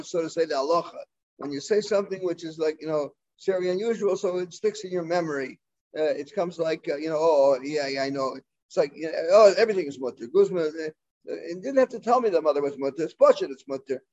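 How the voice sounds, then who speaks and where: Guy with a high voice teaching talmud, lots of uhs and restarts, kinda muffled sound. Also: darkish tone. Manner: halting, full of fillers and restarts, mixing Hebrew and Aramaic terms. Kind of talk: Talmud class lecture.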